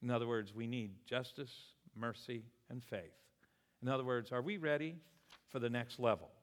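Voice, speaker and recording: A man's voice: medium pitch, normal speed. A man preaching a sermon in church, telling stories and acting out the people in them. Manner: animated storytelling preacher, voices people in anecdotes. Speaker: pastor. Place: church sanctuary. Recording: long hall reverb.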